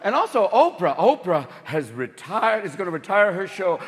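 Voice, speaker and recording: A male stand-up comedian works the room with a high voice that leaps all over the place. He talks in a rapid, manic rush and keeps slipping into character voices. The recording carries a long echo and a loud, laughing audience behind him. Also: animated. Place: live comedy club stage. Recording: echoing venue, loud crowd laughter.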